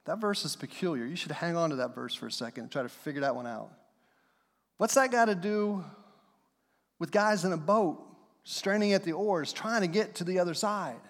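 A man's voice: high-pitched, normal speed. Man preaching in a reverberant church hall. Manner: animated and conversational, acting out voices of the people he describes. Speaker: pastor. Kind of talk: sermon. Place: church sanctuary.

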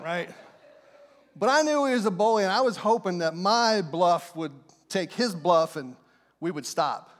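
A man's voice: high-pitched, lively intonation, a little fast, a bit bright, big-room sound. A middle-aged man preaching a sermon as a pastor, telling stories in a folksy, plain way. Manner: folksy storytelling, plain speech.

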